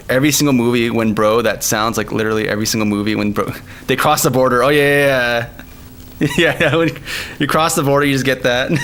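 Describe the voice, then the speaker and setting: A man streaming live, chatting casually and excitedly, laughing often and using lots of slang. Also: medium pitch, a little hiss or hum. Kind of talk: casual live-stream chat over music. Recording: music playing faintly behind.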